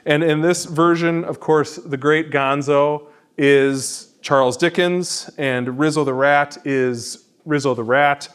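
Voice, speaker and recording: A man's voice: fairly high pitch, steady tone, slow pace, smooth. A man, a pastor, teaching an adult education class in a church classroom in a conversational, self-deprecating way.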